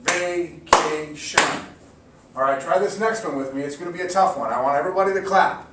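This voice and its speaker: A man giving an encouraging mock classroom lesson, slowly sounding out words for students. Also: on the high side. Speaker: teacher. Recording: echoey room, distant mic, faint hiss.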